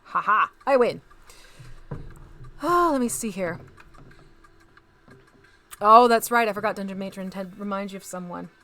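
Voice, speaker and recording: A woman's voice: medium pitch, moderate pace, pauses often, pushed and bright. A woman hosting a casual live stream, chatting to viewers as she paints miniatures and talks through each step.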